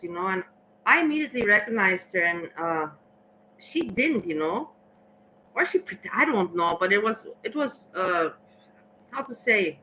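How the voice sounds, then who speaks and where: Woman vlogger, tired and rambling, bright, forceful tone. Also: mid-range voice, slight background noise, low-quality recording. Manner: rambling, halting, many restarts and fillers. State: tired, slow thinking. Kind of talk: casual rambling vlog chat.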